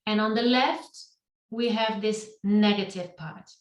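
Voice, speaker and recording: Slow middle-aged woman telling her story. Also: mid-range voice, fairly even intonation, dull audio. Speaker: meetup speaker. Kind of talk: personal storytelling talk. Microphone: video call. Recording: roomy and distant from the mic.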